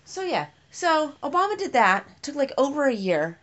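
A woman from the United States chatting casually, animated, laughing often and swearing freely. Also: high-pitched, moderate pace. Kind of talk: casual political chat. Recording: dull lo-fi recording.

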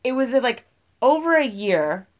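A woman talks in a highly animated, fairly high voice, her pitch swinging widely as she laughs and swears through casual political chat. The recording sounds dull and lo-fi. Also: normal speed.

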